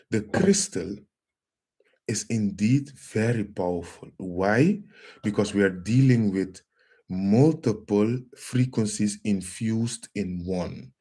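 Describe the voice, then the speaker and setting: Male live stream host, lowish voice, unhurried, calm and repetitive. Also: husky. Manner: slow, calm, repeats phrases, addresses viewers as family. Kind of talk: casual live stream demonstration.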